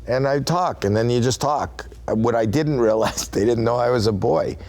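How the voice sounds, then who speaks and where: A man in his sixties, an interview guest, telling a story in a lively, laughing way and acting out the voices of people in it. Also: medium pitch, normal speed. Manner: animated, laughing, acts out quoted voices. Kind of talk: casual storytelling.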